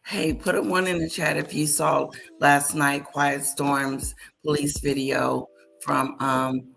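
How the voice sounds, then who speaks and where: A woman's voice: low-pitched, flat delivery, takes it slowly, gravelly, fairly bright tone, soft background music. A woman hosting a casual livestream, chatting to viewers and repeating greetings to them. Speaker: livestream host. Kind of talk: casual live-stream chat.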